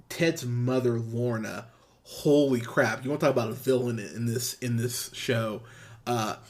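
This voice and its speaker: Enthusiastic, swearing podcast host man. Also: medium pitch. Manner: enthusiastic, profane, full of restarts and fillers. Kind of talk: casual review chat.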